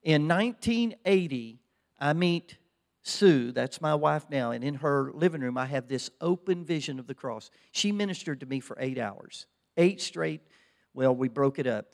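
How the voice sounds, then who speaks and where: A man's voice: a little high, big-room sound. An older man with an Oklahoma accent, preaching a fervent sermon as pastor, repeating his phrases. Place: church sanctuary.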